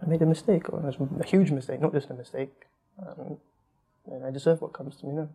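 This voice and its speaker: A man's voice: fairly high pitch, fairly even intonation, fast, warm tone, breathy edge. A man in his twenties answering interview questions in a subdued, hesitant way. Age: 20s.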